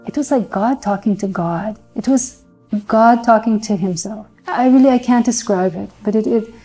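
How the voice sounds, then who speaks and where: A woman describing an overwhelming experience, halting and restarting her sentences. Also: a little high, warm tone, soft background music, poor audio. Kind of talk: emotional testimony.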